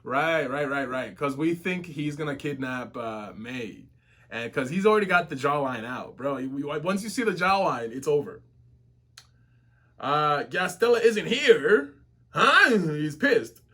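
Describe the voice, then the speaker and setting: A man reacts to a comic in a casual, slang-heavy way, full of exclamations. His voice sits high for a man. He talks at an unhurried pace between his outbursts. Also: animated, sharp tone. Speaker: webtoon reactor.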